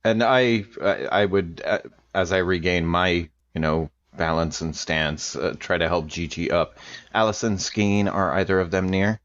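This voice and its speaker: A man playing a tabletop game, talking in a hesitant, halting way. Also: low-pitched, steady tone, fairly bright tone, highs cut off. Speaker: player. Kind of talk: casual tabletop play.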